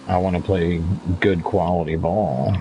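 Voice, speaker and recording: A man's voice: low-pitched, fairly even intonation, unhurried, mellow, a little hiss or hum. A talkative man in his fifties chatting casually over gameplay as a streamer, rambling from story to story and laughing often. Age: 50s. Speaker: gaming streamer.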